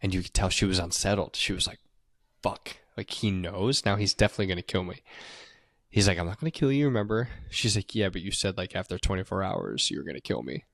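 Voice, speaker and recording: Man, low voice, podcast co-host, animated movie recap, swearing, acts out quotes, dry close sound. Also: a little fast, gravelly, no echo. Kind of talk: casual movie recap chat.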